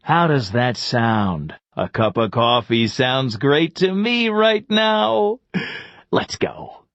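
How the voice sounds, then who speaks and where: A man's voice: mid-range voice, lively intonation, takes it slowly, fairly bright tone, no echo, highs cut off. A man voicing a friendly, sociable cartoon word character who talks in a cheerful, inviting way in an educational cartoon.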